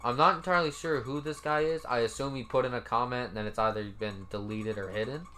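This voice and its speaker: A man's voice: medium pitch, quick pace, bright, forceful tone, slight background noise. A man giving casual, laid-back commentary as he reads out comments, cursing now and then and sounding mildly incredulous. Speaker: commentary YouTuber.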